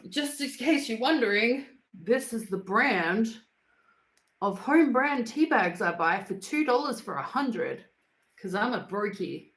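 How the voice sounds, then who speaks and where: A woman's voice: fairly high pitch, animated, measured pace, a bit bright, reverberant, poor audio. An Australian woman from Queensland chatting bluntly on a home livestream, answering viewer comments. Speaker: livestream host. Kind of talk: casual livestream chat. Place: home, indoors.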